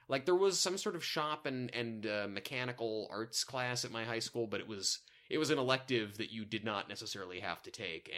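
A man with a bright, forceful voice co-hosts a podcast, talking in a loose comedic way. He throws in quick jokey asides and often stops to fix his own words mid-sentence. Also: mid-range voice. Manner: jokey, quick asides, frequent self-corrections. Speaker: podcast co-host. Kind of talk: casual comedic chat.

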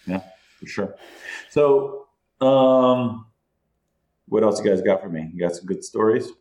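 An entrepreneur appears as a podcast guest, speaking in a lowish voice at an unhurried pace. He tells a story casually and animatedly, swearing a lot and laughing as he goes.

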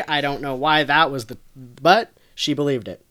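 A woman co-host narrates a true crime story in a relaxed, conversational way. She leans on fillers and laughs easily as she goes. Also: very deep voice, moderate pace, hardly any pauses. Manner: laid-back, laughs often, lots of fillers. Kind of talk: casual storytelling chat.

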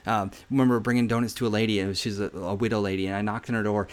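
Speaking very fast in a level, lowish voice, this podcast host delivers a devotional like an informal sermon. He's earnest and exhorting, leans on repetition for emphasis, and keeps dropping "man" into his conversational talk.

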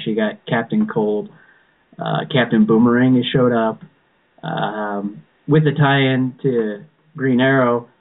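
A man chatting casually as a podcast co-host, rambling with frequent restarts and fillers. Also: mid-range voice. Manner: rambling, many restarts and "you know"s. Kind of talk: casual fan chat. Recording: tinny phone-like sound.

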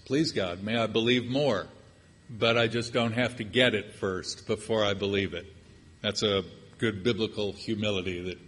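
An older male preacher delivers a sermon in a husky, slightly breathy voice, mixing scripture with humorous, chatty asides. His voice carries a long reverb, as in a large sanctuary. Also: fairly low pitch, fairly bright tone.

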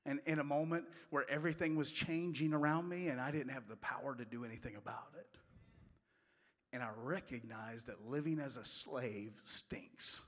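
A man preaching a sermon, telling stories in a folksy way and moving from loud passages to hushed ones. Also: mid-range voice. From West Virginia. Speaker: pastor. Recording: long hall reverb.

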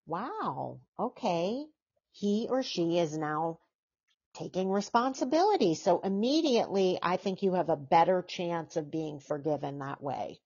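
A woman's voice: fairly low pitch, lively intonation, a little slow, darkish tone, husky. A woman hosting a podcast and interviewing her guest in an eager, enthusiastic, affirming way. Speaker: podcast host. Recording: dull lo-fi sound.

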